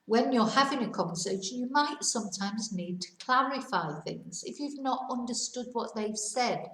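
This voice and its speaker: A middle-aged woman giving a casual, rambling lesson, slowing down to model Spanish phrases for learners. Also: a little high, animated, fairly bright tone, reverberant, far from the mic, poor audio. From United Kingdom. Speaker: Spanish teacher.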